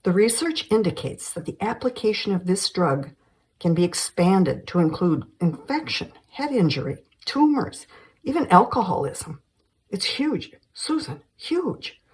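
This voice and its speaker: A woman's voice: on the low side, sing-song, moderate pace, darkish tone, low-quality recording. A woman reading an eager, persuasive male doctor in his fifties.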